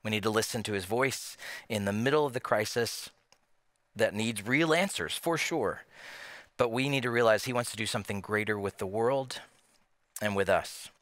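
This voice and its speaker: A man preaching a sermon as pastor, animated, asking many rhetorical questions and acting out the voices of imagined people. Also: on the low side, normal speed, dry recording.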